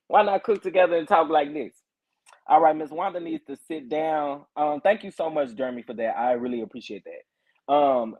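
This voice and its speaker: A man hosting a casual livestream, reading viewer comments and chatting, animated, laughing often and repeating his phrases with drawn-out exclamations. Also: medium pitch. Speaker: livestream host. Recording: tinny phone-like audio.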